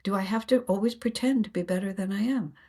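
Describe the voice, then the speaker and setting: Husky-voiced woman telling spiritual stories. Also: medium pitch, fast talker, dark tone. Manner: earnest, laughs often, acts out inner dialogue. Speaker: guest. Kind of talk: reflective spiritual storytelling.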